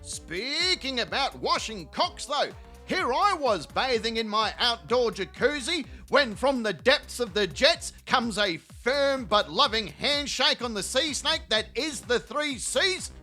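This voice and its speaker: High, animated man ranting crudely. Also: soft background music. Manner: profane, mocking, rapid-fire tangents. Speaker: channel host. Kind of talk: crude comedic rant.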